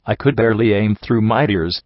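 A man reads a dramatic first-person story aloud in an earnest, emotional manner. His voice sits low. The recording is dry and dull, like a home setup with limited treble. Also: fairly quick, dry recording. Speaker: narrator.

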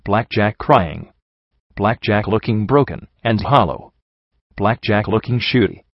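A man narrating a first-person story as an audiobook reader, in a steady, measured way. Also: on the low side, no room sound. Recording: dull lo-fi audio.

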